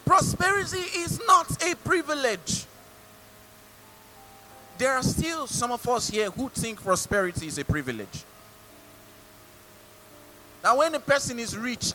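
A man's voice: extremely high pitch, expressive, measured pace, long pauses, bright, forceful tone, faint music behind, rough recording. A male pastor with a Nigerian English accent preaching a sermon, mimicking people and asking the congregation rhetorical questions.

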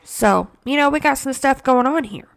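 Woman podcast host, creaky gravelly voice, somewhat high, sarcastic, swears freely. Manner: profane, sarcastic, drawn-out mocking quotes. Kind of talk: casual solo talk.

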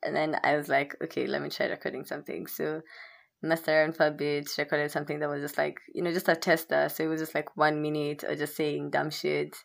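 A woman's voice: low-pitched, level tone, fairly quick, creaky. A young woman hosting her own podcast, chatting candidly and rambling, with frequent swearing. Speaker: podcast host. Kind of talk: casual solo podcast chat.

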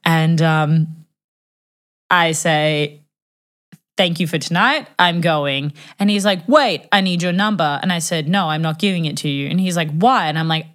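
A young woman telling a personal story in a casual chat. Her voice sits a little low for a woman, and she is animated and self-mocking, acting out what people said. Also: measured pace. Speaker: guest telling a dating story.

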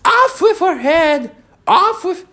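A man voicing a furious tyrant queen in a read-aloud storybook, screeching her orders slowly and loudly. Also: extremely high pitch, very animated, pitched above the performer's own voice, exaggerated voice. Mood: furious shouting. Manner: screeching, loud and slow. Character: shrill furious tyrant queen, adult woman.

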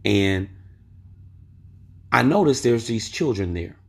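A podcast host tells a story in a casual monologue, driving his point home with rhetorical questions and an emphatic manner. His voice sits on the low side and is expressive, slow-paced, slightly rough, with vocal fry.

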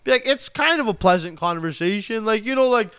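A man's voice: sits high, expressive, brisk, a bit bright, clean tone, no room sound. Profane young man telling wild stories. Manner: profane storytelling, acts out quotes. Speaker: podcast co-host. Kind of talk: casual podcast chat. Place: outdoor porch.

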